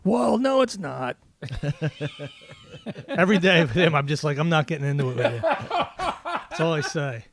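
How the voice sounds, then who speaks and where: A man's voice: fairly high pitch, sing-song, moderate pace, pauses often, over a noisy crowd. A man telling funny family stories on a podcast, acting out his kids' lines as he goes. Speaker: guest comedian.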